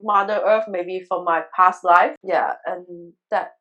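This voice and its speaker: A woman's voice: on the low side, fairly even intonation, slow, fairly bright tone, lo-fi sound. A woman guest telling a personal story in a conversational interview, earnest and emotional, often restarting her sentences. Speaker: guest, crystal healer.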